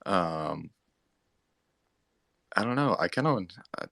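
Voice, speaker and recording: A man's voice: low voice, animated, slow, vocal fry, a bit bright, no echo, clean studio sound. A man co-hosting a casual chat, hesitant and trailing off with many fillers.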